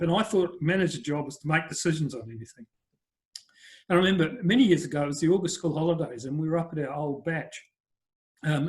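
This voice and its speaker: Chatty New older man. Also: fairly high pitch. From New Zealand. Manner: chatty anecdotal storyteller, frequent fillers. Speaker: guest, business coach. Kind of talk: conversational interview storytelling.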